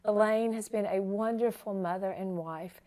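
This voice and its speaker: A woman's voice: medium pitch, fairly even intonation, normal speed, warm tone. A woman hosting a Christian talk show interview, moved to tears as she honors her guest. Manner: emotional, tearful while honoring her guest. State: tearful.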